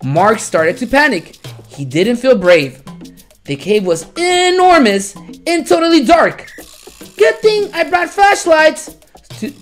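A woman hosting a children's show, reading a storybook aloud in an expressive, dramatic way. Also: fairly high pitch.

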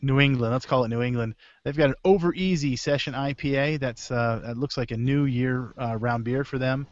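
A man's voice: mid-range voice, fairly quick, dull audio. A man hosting a casual beer podcast over a video call, rambling through release news and correcting himself as he goes. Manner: rambling, self-correcting, chuckles between items. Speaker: podcast host.

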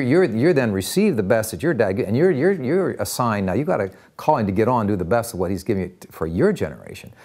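An older American man tells stories with real conviction. His pitch rises and falls in lively swings as he acts out the people in them. His voice sits at an ordinary middle pitch. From United States. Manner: earnest, animated storyteller acting out quoted voices. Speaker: interview guest. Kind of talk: storytelling interview.

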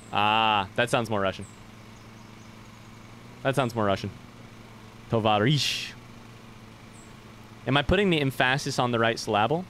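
A man's voice: lowish voice, a bit bright, a little hiss or hum. A young man streaming a game live, chatting loosely with viewers and swearing casually as he plays.

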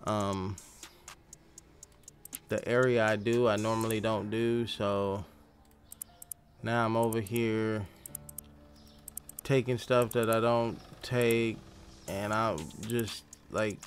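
A man's voice: on the low side, level tone, slow, pauses often, soft background music. A man hosting a gaming channel, telling a rambling, profane story in casual chat while he plays. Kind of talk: casual gameplay commentary and storytelling.

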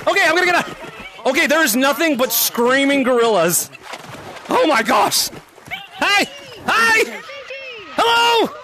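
A man live-streaming a VR game, shouting greetings and cheering his players on with lots of laughter, into a headset mic. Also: extremely high pitch, big pitch swings, a little slow, long pauses, noisy background. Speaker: gaming streamer. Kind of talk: excited live-stream chat while playing.

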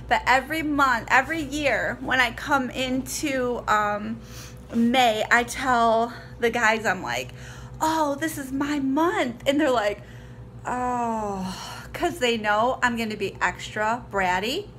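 A woman's voice: fairly high pitch, slow, a bit bright, a little hiss or hum. A woman in her forties chatting to her viewers in a bubbly, giggly vlog style. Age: 40s. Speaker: vlogger. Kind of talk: casual vlog chat to viewers.

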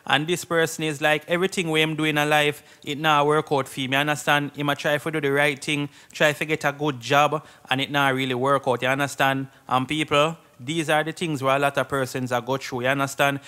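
Bright-voiced Jamaican man chatting. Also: a little high. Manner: chatty, keeps asking "you understand?". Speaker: vlog host. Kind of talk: casual commentary.

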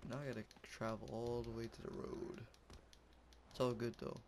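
A man's voice: medium pitch, little pitch movement, normal speed, darkish tone, slight background noise. A young man giving goofy, rambling commentary while playing a game, yelping and laughing as he goes. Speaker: gameplay commentator. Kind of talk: casual gameplay commentary.

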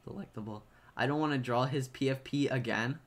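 Playful young male streamer. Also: medium pitch. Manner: playful, reading viewer drawings aloud with quick reactions. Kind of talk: casual live-stream chat.

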